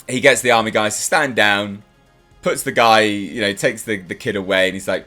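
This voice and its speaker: A man's voice: lowish voice, steady tone, moderate pace, pushed and bright, faint music behind. A man hosting his own channel, giving a casual and enthusiastic spoken review of a TV episode. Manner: enthusiastic, chatty, acts out characters' lines.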